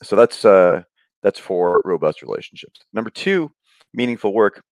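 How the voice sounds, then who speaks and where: A man's voice: on the low side, moderate pace, no echo. A middle-aged man, a guest on a conversation podcast, explaining ideas on happiness through anecdotes and acting out the voices of people in his stories. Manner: animated storyteller, acts out quoted voices.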